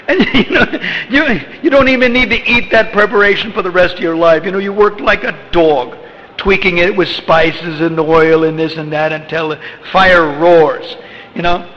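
Bright-voiced man giving a rambling talk. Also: high-pitched. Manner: rambling, conversational, chuckling, many "you know"s. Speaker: spiritual teacher. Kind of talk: informal religious talk. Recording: echoey hall, dull lo-fi with faint noise.

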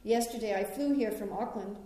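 A middle-aged American woman, originally from New York, gives a spiritual talk and folds personal stories into a gently reflective teaching. Her voice is mellow and soft-edged. It rings out in a very echoey room. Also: medium pitch, brisk. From New York, United States.

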